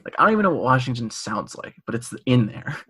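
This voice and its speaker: A man's voice: mid-range voice, very animated, fast talker, a bit bright, slightly rough. A young man co-hosting a college radio podcast, chatting casually and laughing easily while telling stories. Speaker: podcast co-host. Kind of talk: casual chat.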